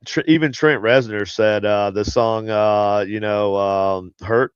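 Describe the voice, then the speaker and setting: Rambling low-voiced male podcast host. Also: fairly even intonation, slow, clean tone, no room sound, highs cut off. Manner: rambling, lots of fillers and restarts. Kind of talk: casual chat.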